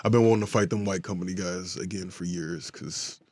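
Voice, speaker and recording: A man's voice: sits low, steady tone, brisk, darkish tone, dry recording, studio quality. An American man co-hosting a podcast in casual chat, joking, repeating himself and laughing often. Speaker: podcast co-host.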